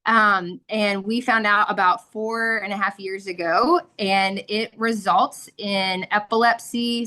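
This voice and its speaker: A woman's voice: mid-range voice, pushed and bright. A woman in her thirties giving an earnest, emotional personal testimony as a mother, with frequent fillers. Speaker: guest sharing a testimony.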